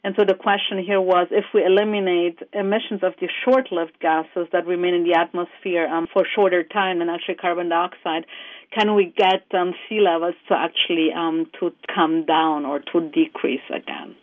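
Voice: medium pitch, fairly even intonation, moderate pace, no echo. A climate researcher answering interview questions carefully, with many ums and repeated words. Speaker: climate scientist guest. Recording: tinny phone-like line.

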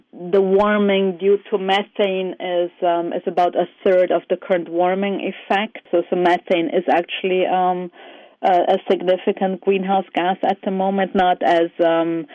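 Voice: mid-range voice, dry recording. A climate researcher answering interview questions carefully, with many ums and repeated words. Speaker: climate scientist guest. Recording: tinny phone-like line.

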